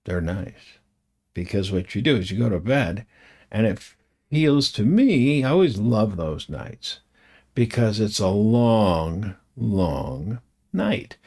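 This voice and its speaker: Older guy rambling to his webcam at home, lowish voice that bounces all over, wanders off topic. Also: big pitch swings, takes it slowly, darkish tone, slightly rough. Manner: chatty, meandering, self-deprecating, chuckling asides. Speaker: vlogger. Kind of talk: rambling casual monologue.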